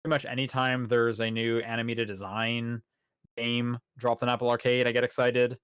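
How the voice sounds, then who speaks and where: A man's voice: mid-range voice, moderate pace, smooth, dry recording. Guy hosting a podcast, kinda rambly, lots of ums, dry close mic. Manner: relaxed, rambling with fillers and restarts. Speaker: podcast host. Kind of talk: casual podcast chat. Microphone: podcast microphone.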